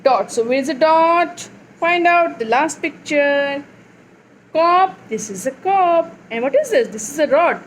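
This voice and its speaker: A woman teaching a young child phonics, reading words slowly and clearly and repeating them. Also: high-pitched, lively intonation, a little hiss or hum, low-quality recording.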